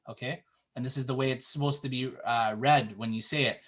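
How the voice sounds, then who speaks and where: A man teaching a classroom lesson, explaining patiently and drawing out example words slowly. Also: medium pitch, a bit bright. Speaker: Arabic teacher.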